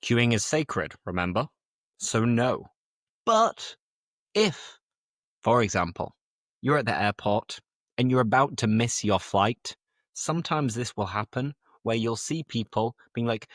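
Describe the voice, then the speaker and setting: A British man talks to English learners in a relaxed podcast monologue. He explains slang in a chatty, playful way, with a mid-pitched voice. The recording is dry and close, with no room echo. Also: measured pace. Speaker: English teacher and podcast host.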